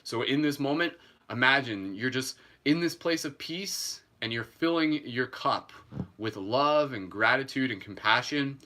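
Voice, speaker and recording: A Canadian man leading a live guided meditation, moving from slow, gentle breathing cues into rambling, chatty asides full of "like" and "you know". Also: medium pitch, faint music behind.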